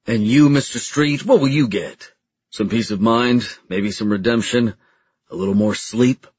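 Man voicing a stern male agency chief, audiobook, cold and cutting, husky low voice. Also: unhurried, darkish tone, no room sound, lo-fi sound.

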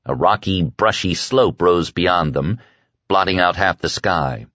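Man, audiobook narration, low voice, animated pitch, dry dull recording. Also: no echo. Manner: measured, dark storytelling.

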